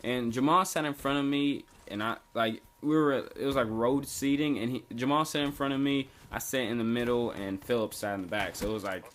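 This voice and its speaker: A man's voice: mid-range voice, fairly even intonation, a little fast, few pauses, a bit bright. A young man casually telling a story from his school days, rambling and slangy with lots of fillers and restarts. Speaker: storytelling vlogger.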